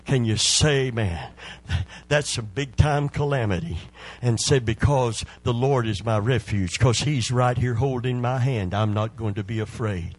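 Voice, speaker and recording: Older pastor guy preaching, husky voice, repeats lines and gets fired up. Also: medium pitch, measured pace, low-quality recording. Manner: preaching with repetitions, sung phrases and rising fervor. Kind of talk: sermon.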